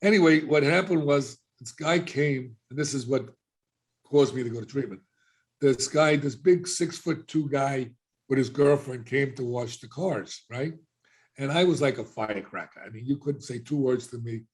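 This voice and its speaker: A middle-aged man recounting his past in a relaxed podcast conversation. He tells it with lively energy, jumping into other people's voices as he quotes them. His voice sits in a mid range. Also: medium pitch, moderate pace. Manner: animated storyteller, acting out quoted voices. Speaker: guest. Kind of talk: casual storytelling.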